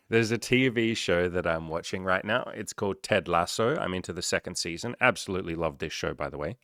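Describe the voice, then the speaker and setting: A man's voice: deep voice, a little fast, a bit bright, no echo, clean studio sound. A man coaching listeners in a casual solo podcast, loose and joking with frequent swearing and rambling asides.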